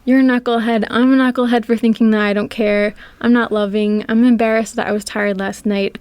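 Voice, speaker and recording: A woman's voice: fairly high pitch, level tone, fairly quick, a little mellow, clean tone, no room sound, natural voice. A woman reading out the lines of a male movie star pleading with his wife, in her own dry voice. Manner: pleading, reassuring.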